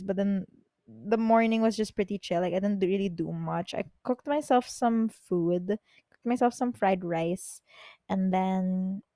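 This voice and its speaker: A young woman, hosting a podcast and telling personal stories in an excitable, rambling way, swearing freely. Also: medium pitch, dry recording. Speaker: podcast host. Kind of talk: casual personal storytelling. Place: bedroom, on her bed.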